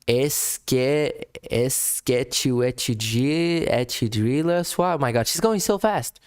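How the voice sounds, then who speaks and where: A man's voice: mid-range voice, expressive, slow, hardly any pauses, smooth. Male streamer, casual and self-deprecating, repeats lines, swears, laughs a lot. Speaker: streamer reacting to a French lesson. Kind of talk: casual live-stream reaction.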